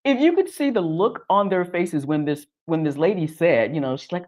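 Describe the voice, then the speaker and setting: A woman's voice: sits low, a little fast, few pauses. Chatty American woman from Texas. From Texas, United States. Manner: animated and chatty, with frequent restarts and fillers. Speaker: host. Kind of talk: casual live-stream chat.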